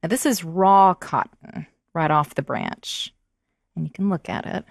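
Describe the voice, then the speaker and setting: Woman storyteller, animated and expressive, with a lively pitch and a close, dry sound. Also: unhurried, vocal fry, no room sound. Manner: animated, expressive, prompting the audience to join in. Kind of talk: live storytelling to children.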